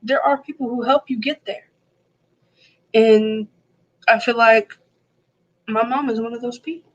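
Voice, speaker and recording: A woman guest on a talk show, her voice a little on the high side. She talks in an earnest, reflective way in casual conversation. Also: fairly even intonation, measured pace, dull audio. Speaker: guest, host's daughter. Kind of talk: casual chat.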